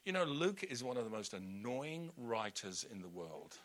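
A male preacher giving a lively storytelling sermon with humorous asides. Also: medium pitch, moderate pace, hardly any pauses. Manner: animated, storytelling, laughing asides.

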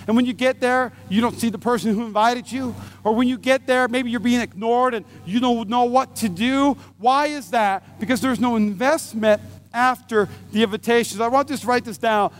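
A man preaching a sermon as pastor, telling a funny personal story with lively exclamations and emphatic repeated phrases. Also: very high-pitched, a little hiss or hum. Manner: animated storyteller, acts out scenes with exclamations; emphatic repetition of key phrases.

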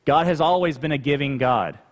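A pastor preaching a sermon conversationally, with rhetorical questions and asides to the congregation. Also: male voice, a little high, brisk. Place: church sanctuary. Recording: long hall reverb.

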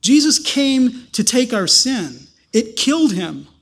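Male pastor, high register, conversational sermon delivery full of rhetorical questions. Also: sing-song, takes it slowly, fairly bright tone.

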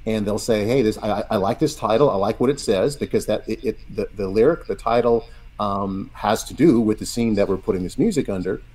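A male guest songwriter explaining things in conversation, deliberate with a few stammers. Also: fairly low pitch, dark tone.

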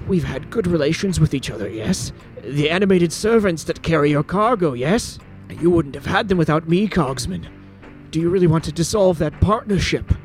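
A man playing a haughty necromancer lord, high-pitched, theatrical, menacing. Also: animated, moderate pace, faint music behind, close to an everyday voice. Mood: wheedling. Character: scheming male necromancer lord in a mechanical body.

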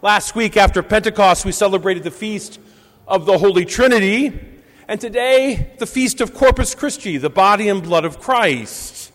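Male Catholic priest, 50s, measured homily delivery with pauses, high voice, long church echo. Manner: measured, reflective preaching with deliberate pauses. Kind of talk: Sunday homily.

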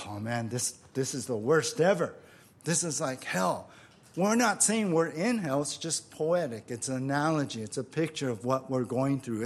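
A male pastor preaching a sermon, emphatic, often repeating phrases and asking the congregation rhetorical questions. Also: fairly high pitch.

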